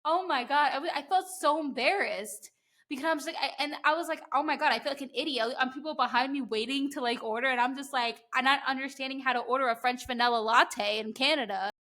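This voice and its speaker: A young woman from New Jersey with a New Jersey accent, hosting a podcast and telling stories in an animated way, full of "like"s and quick laughing asides. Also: sits high. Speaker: podcast host. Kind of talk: casual interview chat.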